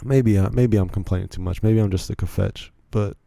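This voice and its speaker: A young man talks casually into a close mic, his low voice dark and mellow. He rambles and corrects himself often, poking fun at himself as he goes. The sound is dry, with no room echo. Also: fairly quick, gravelly. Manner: rambling, self-deprecating, many restarts. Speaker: podcast host. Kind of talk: casual monologue.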